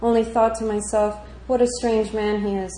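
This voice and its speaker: A woman narrates a strange tale with a calm, even delivery. Her voice is mellow and warm, and it rings in an echoey room. A faint hum of ambience sits behind her. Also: medium pitch, normal speed. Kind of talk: literary story reading.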